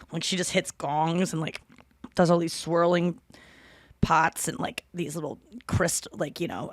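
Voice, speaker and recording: A woman's voice: fairly low pitch, dry recording, studio quality. A woman in her thirties hosting a podcast, chatting casually in a rambling, profane way. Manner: chatty, rambling, swears freely. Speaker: podcast host. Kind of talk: casual chat.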